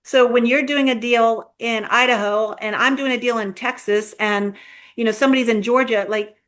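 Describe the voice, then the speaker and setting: A woman's voice: fairly high pitch, fairly even intonation, normal speed, a bit bright. A woman guest in a conversational interview, telling stories earnestly with frequent restarts. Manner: earnest, storytelling with repeated starts. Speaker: guest, real estate agent leader.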